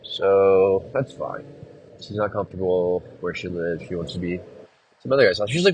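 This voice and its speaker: A man's voice: low voice, normal speed, a little mellow, a little hiss or hum. A man hosting a solo podcast, rambling casually and venting with a lot of swearing. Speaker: podcast host and musician.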